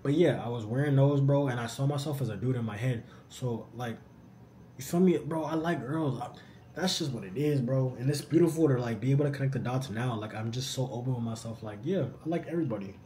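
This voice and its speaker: A young man talks through a casual Q&A vlog. He is animated and slangy, and keeps throwing in "bro." His voice sits mid-range and sounds warm and mellow, with a faint hiss of background noise. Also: mid-range voice, fairly quick. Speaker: YouTuber answering viewer questions.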